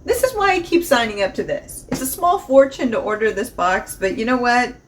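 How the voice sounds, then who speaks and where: A woman's voice: a little high, sing-song, brisk, slight background noise. A woman vlogger chatting casually through a box opening, bubbly and gushing, often laughing and repeating herself. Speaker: unboxing vlogger. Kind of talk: casual chat.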